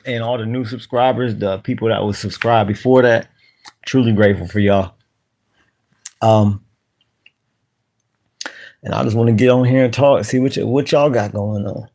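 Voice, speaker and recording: Hosting his channel's casual live stream, a man greets viewers by name in relaxed slang, speaking in a mid-range voice.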